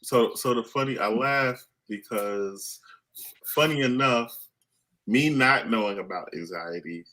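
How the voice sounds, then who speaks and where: A man in a casual chat, talking in an animated, halting way with many restarts. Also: mid-range voice.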